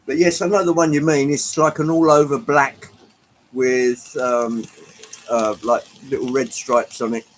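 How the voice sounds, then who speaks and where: A man's voice: mid-range voice, level tone, unhurried, slight background noise, rough recording. A man hosting a casual livestream, chatting to viewers in a rambling, hesitant way with frequent ums, from Britain. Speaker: livestream host. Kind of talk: casual chat with live chat viewers.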